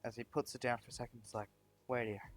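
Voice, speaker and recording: A man narrating a fan-made story at an ordinary middle pitch. He rambles along with plenty of "um" and "well" and frequent restarts, over soft background music. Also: flat delivery, rapid-fire. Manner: rambling, many fillers and restarts.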